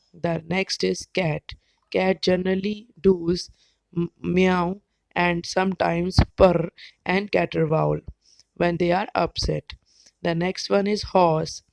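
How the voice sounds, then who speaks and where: A woman teacher with an Indian English accent, explaining slowly and carefully, sometimes spelling words out letter by letter. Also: lowish voice, creaky, no room sound, rough recording. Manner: careful, spells words out, brief animal imitations. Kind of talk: slow educational explanation.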